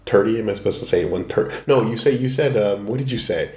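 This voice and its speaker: Canadian host, lowish voice, roomy echo, swears and laughs at himself in a loose chat. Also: male voice, fast, slight background noise. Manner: animated, swears, self-deprecating. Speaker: podcast host. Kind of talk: casual podcast chat. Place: apartment. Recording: echoey room.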